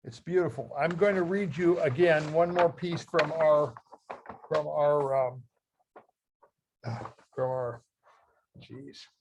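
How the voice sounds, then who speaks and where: An older man from Ohio, a guest speaker who reads from his memoir in a halting, heartfelt way and often restarts his phrases. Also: fairly high pitch, darkish tone, slightly rough. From Ohio, USA. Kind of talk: talk reading from his memoir.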